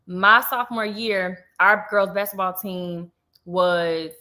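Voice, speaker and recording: A woman's voice: mid-range voice, takes it slowly. A young woman telling a story in a casual, chatty vlog and acting out the people she quotes. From Georgia, US. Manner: chatty, animated, acts out quoted voices. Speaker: vlogger.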